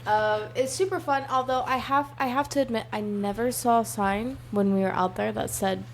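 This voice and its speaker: A woman's voice: fairly high pitch, steady tone, moderate pace. Chatty woman, faint hiss behind. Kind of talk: casual chat.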